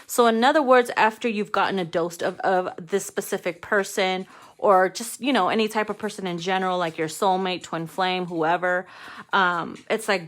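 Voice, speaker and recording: A woman giving a casual tarot card reading to her viewers. She talks frankly and playfully, swears freely and calls her listeners darling. She slows down whenever she reads a card's text aloud. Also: medium pitch, fairly bright tone.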